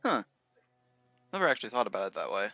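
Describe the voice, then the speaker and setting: A man's voice: fairly low pitch, very animated, fast, bright, forceful tone, no echo. A young man chatting casually on his writing livestream, laid-back and often laughing at himself. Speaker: streamer and writer.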